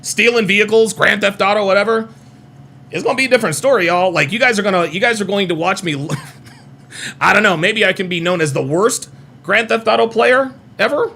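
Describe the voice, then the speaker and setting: A man's voice: high-pitched, fairly quick, vocal fry, pushed and bright. A man in his forties chatting casually on a live stream, rambling, repeating himself and reading chat comments aloud. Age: 40s. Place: home near Reno.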